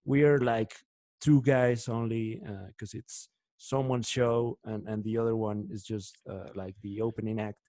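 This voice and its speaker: A man chatting as a guest comedian on a podcast, speaking in slow, halting phrases with fillers. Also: on the low side, steady tone, mellow, dry recording, studio quality. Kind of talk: casual chat.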